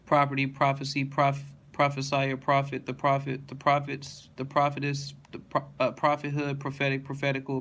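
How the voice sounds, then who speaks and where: A man with a mid-range voice reads aloud from a long dictionary word list, one word after another in a steady monotone, going back over any word he stumbles on.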